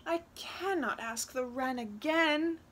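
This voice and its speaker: A woman reading a storybook aloud, voicing a meek, ashamed young peasant girl who pleads softly. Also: high-pitched, slow pace, voice pushed up. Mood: pleading. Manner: soft, pleading.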